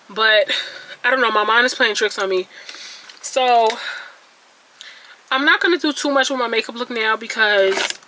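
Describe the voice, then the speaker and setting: A woman's voice: fairly high pitch, noisy background. A young woman, chatting casually and venting candidly to her viewers while doing her makeup at home. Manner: candid, venting, self-mocking, exclamatory. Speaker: beauty vlogger. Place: indoors at home, near a ring light.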